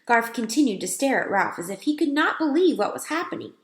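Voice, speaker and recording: A woman narrating a children's book aloud in a clear storytelling manner. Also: medium pitch, fairly quick, hardly any pauses. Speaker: reader. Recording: roomy echo.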